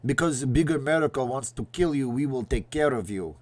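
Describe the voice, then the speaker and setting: A man voicing a stern male Soviet propaganda official in a slow, mocking, put-on Russian accent. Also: mid-range voice, lively intonation, darkish tone, natural voice. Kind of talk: joking impression in a livestream.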